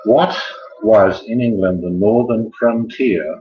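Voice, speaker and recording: A man's voice: fairly low pitch, takes it slowly. A man hosting a casual quiz, joking and wandering off into chatty asides. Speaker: quiz host. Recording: echoey, muffled room sound.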